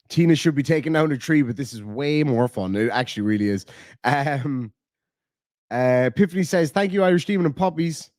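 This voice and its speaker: A man hosts a loose, rambling livestream, dropping curse words and reading viewer messages aloud. His voice sits at an ordinary middle pitch. The sound is dry and close, with no room echo. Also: normal speed, a little mellow. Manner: rambling, swears casually, reads out viewer messages. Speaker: livestream host. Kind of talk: casual livestream chat. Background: dogs nearby.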